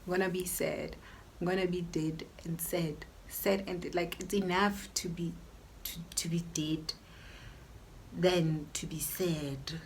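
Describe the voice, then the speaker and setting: Brief: young South African woman, YouTuber, lower register, opinionated and chatty, faint hiss under the voice. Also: steady tone, slow, vocal fry. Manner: chatty and opinionated, mixing in local languages. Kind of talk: casual Q&A vlog.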